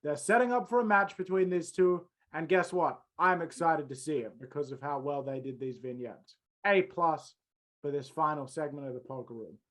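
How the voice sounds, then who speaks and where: A man co-hosting a podcast, recapping and grading segments in a measured, upbeat way. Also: fairly high pitch, a bit bright. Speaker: podcast co-host. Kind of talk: casual wrestling review chat.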